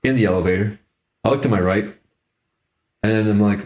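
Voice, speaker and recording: Young male guest, low-pitched, lively storyteller who does voices for quoted people. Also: normal speed. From Ohio, US. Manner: animated, acts out quotes in raised voices. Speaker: actor and violinist guest. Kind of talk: casual interview storytelling.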